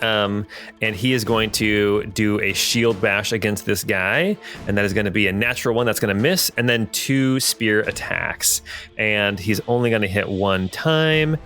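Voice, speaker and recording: A man running a tabletop game as game master, thinking aloud and often pausing with ums and restarts. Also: fairly low pitch, fairly bright tone.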